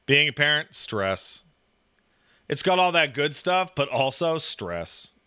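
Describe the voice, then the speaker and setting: A man's voice: on the high side, slow, clear, resonant tone. A man chatting casually, rambling and swearing, packing his talk with "like" and acting out the voices in his stories. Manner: profane, rambling, animated storytelling with acted-out quotes; filler-heavy, says "like" constantly. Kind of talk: casual chat.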